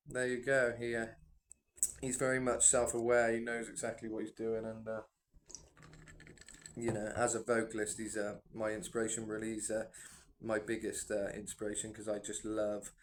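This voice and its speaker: A man's voice: fairly low pitch, slight background noise. A man who sings himself, giving rambling, enthusiastic reaction commentary full of fillers. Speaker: music reaction vlogger and singer.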